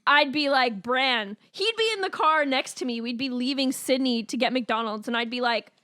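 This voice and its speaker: Female co-host, joking casual chat, high pitch, close dry sound. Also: bright, forceful tone, no room sound. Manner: joking, quick agreeing interjections. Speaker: podcast co-host. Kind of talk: casual movie-review chat.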